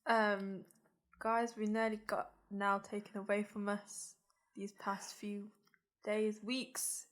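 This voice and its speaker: A woman's voice: medium pitch, completely flat delivery, slow, a bit bright. A woman co-hosting a casual podcast chat, reacting with laughs and teasing remarks. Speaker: podcast co-host.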